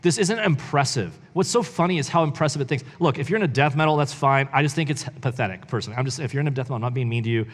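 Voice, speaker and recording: A church reader and commentator speaks very fast with hardly any pauses in a mid-range voice, reading a book aloud and reacting heatedly. He's informal and uses "like" heavily, and the recording has a long reverb tail.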